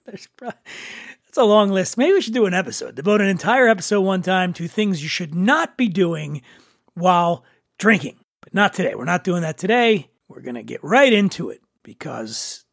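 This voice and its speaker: High-voiced playful male podcast host. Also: expressive, moderate pace, creaky, a bit bright, dry recording, studio quality. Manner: jokey, playful, teasing. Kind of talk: casual podcast chat.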